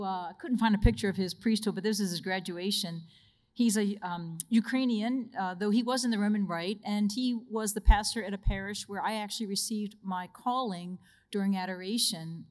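A woman religious sister speaks to a retreat audience in a conversational, personal way. She tells stories and laughs easily between them. Her voice sits at a middle pitch.

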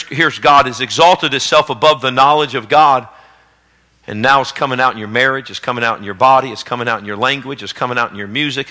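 A man preaching a sermon as pastor, swinging between loud exhortation and hushed storytelling. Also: mid-range voice. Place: church sanctuary, live service. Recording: long reverb of a church hall.

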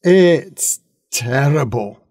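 A man voicing a gentle, fretful green dragon patiently explaining in a storybook reading. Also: mid-range voice, expressive, very slow, no room sound, studio quality. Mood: worried.

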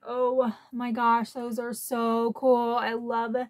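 A woman's voice: fairly high pitch, completely flat delivery, takes it slowly. A woman from Florida opening gifts in an unboxing vlog, gushing and emotional, easily moved to tears. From Florida, USA. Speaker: collector vlogger.

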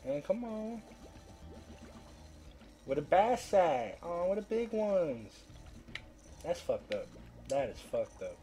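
A man with a somewhat high, mellow voice gives loose let's-play commentary, cursing and pleading with the fish. Faint game music runs underneath. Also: very animated, slow, pauses often. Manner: profane, trash-talks the fish; coaxing and pleading, then frustrated. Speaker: gameplay commentator.

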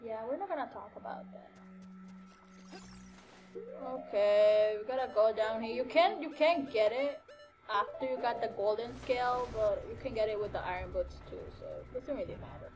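Faint game music and a noisy background sit behind this young woman, a gaming channel host doing casual let's-play commentary. Her voice is a little high and her pace moderate. She rambles in a chatty, scattered way, heavy on fillers and exclamations.

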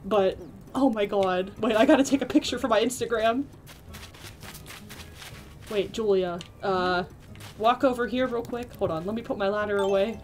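In a mid-range voice, a young woman talks with viewers while live-streaming a game, easily excited and ready to squeal or laugh at any moment.

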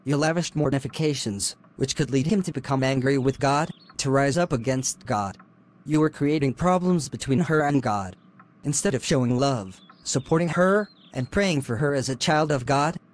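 A man voicing a stern, moralizing father in an animated drama, solemn and lecturing. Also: mid-range voice, natural voice.

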